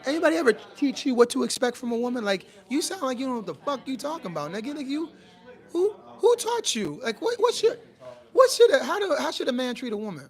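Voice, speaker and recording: A man's voice: extremely high pitch, sing-song, fast. A man hosting a casual talk show, blunt and teasing, with a lot of swearing. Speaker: podcast host. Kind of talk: casual chat.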